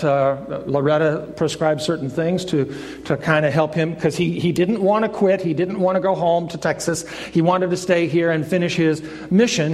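A man's voice: a little high, a little mellow. A man preaching a sermon in a folksy storytelling way. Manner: folksy storyteller, acts out voices in the joke. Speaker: pastor. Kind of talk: sermon with a told joke. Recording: long reverb of a church hall.

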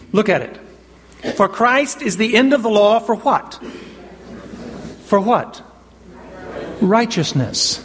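A man preaching a sermon, emphatic, quoting scripture and asking his listeners to call out answers. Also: high voice. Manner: emphatic, asks the congregation questions and pauses for answers. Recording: long hall reverb.

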